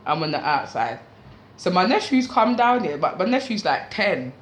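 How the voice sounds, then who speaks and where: A young woman telling a story casually, in an animated, slangy way, swearing freely. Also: on the low side, moderate pace.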